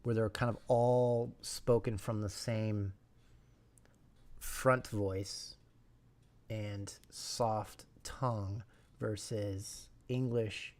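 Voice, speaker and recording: A man streaming a language study session, thinking aloud and slowly repeating syllables to practice pronunciation, sometimes dropping to a whisper. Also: lowish voice, steady tone, darkish tone. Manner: slow, repeats sounds and syllables, drops to a whisper at times.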